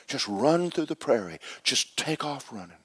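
A man's voice: mid-range voice, sing-song, normal speed, breathy edge, pitched above the performer's own voice. A preacher voicing a laid-back male antelope who talks in breezy slang.

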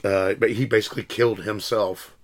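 A man co-hosting a casual movie chat, speaking slowly with exasperated profanity. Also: lowish voice, steady tone.

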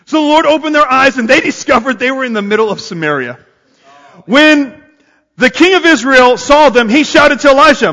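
Guy preaching in church, high bright voice, lots of hall reverb, gets the crowd to answer back. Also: a little fast. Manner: energetic, calls on the congregation to respond. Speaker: pastor. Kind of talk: sermon. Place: church sanctuary. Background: congregation responding.

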